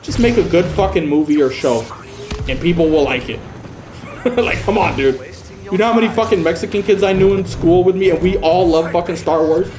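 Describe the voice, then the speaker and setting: A man's voice: high-pitched, fairly quick, music in the background. A man ranting profanely and heatedly during a casual livestream, often slipping into mocking voices. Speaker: live streamer.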